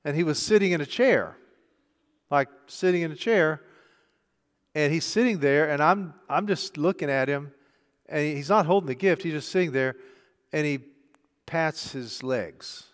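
A middle-aged man preaching a sermon, telling a story conversationally and moving between hushed and loud delivery. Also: on the high side, a little slow, pauses often. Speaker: pastor. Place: church sanctuary. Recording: long church hall reverb.

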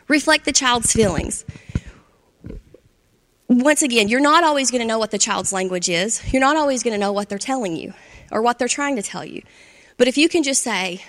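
A woman's voice: on the high side, lively intonation, fairly quick, a bit bright. Woman teaching parents in a reverberant hall. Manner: conversational, checks in with "right?" and "okay?". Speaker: parenting instructor. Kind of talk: instructional talk to adults.

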